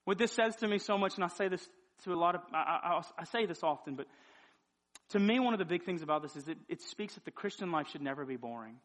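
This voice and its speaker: A man's voice: high voice, expressive, quick pace, fairly bright tone. A man in his thirties, a pastor preaching a sermon, pressing the listeners with repeated urgent questions.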